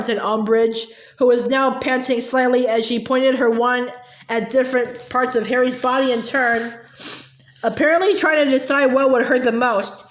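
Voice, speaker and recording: A woman narrating an audiobook in a steady, lightly expressive storytelling manner, with small slips, in an indoor room. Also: fairly high pitch, normal speed. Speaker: audiobook reader. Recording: roomy echo.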